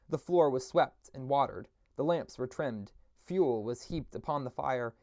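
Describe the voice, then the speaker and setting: A man reading a classic novel aloud at a steady pace, with occasional slips and restarts. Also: medium pitch, no room sound, clean studio sound. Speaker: audiobook reader.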